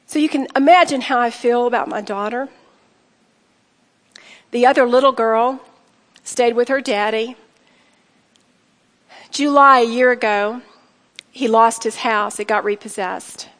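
A middle-aged woman with a slightly high voice tells a heartfelt personal story to an audience. She speaks earnestly and turns to her listeners often. Her voice rings with long reverb, as if in a large hall. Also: steady tone, measured pace, pauses often, a bit bright. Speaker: speaker sharing a personal testimony. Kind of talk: emotional personal testimony to an audience.

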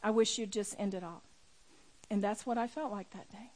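A middle-aged woman speaking to a room as a women's ministry speaker, telling a personal story with emphatic, building delivery. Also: normal speed. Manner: storytelling, emphatic, rising to near-shouting at high points. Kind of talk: personal testimony talk. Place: room with a live audience.

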